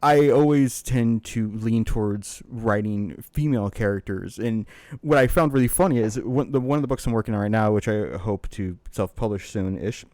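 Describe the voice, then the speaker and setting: A man co-hosting a casual podcast, telling a long, rambling story in an animated way. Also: lowish voice, normal speed, no echo, clean studio sound. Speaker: podcast co-host.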